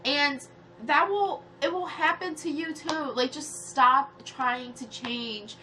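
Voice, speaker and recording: A woman's voice: high-pitched, slow pace, bright, forceful tone, a little hiss or hum. A woman in her early twenties with a nasal voice, tearful as she rants to her viewers, heated and swearing, rambling with many fillers. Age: 20s. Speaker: vlogger. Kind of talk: emotional rant to camera.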